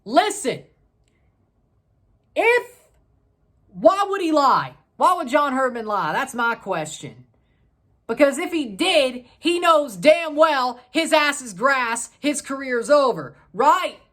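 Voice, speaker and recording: A woman hosts her own soccer review show and rants on her own about the match. Her voice sits high, and she talks at an unhurried pace. She sounds heated and exasperated, and she swears casually as she goes. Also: very animated, a bit bright. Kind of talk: ranting solo match review.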